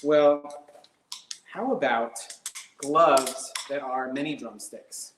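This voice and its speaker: A man's voice: mid-range voice, takes it slowly, slight background noise. Rambling man doing absurd live comedy. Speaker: stand-up comedian. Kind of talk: live-streamed stand-up. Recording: roomy echo.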